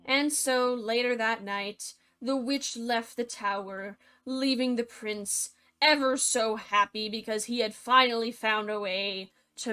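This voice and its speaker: A woman's voice: on the high side, sharp tone. A young woman retelling a fairy tale as a comedy, chatty and full of sarcastic asides. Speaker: storyteller.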